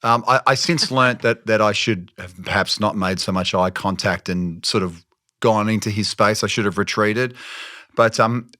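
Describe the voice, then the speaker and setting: A middle-aged man with an Australian accent tells stories in a wry, self-deprecating way. His voice sits a little low but sounds bright, recorded close and dry. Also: normal speed, dry recording. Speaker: actor guest. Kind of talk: casual chat.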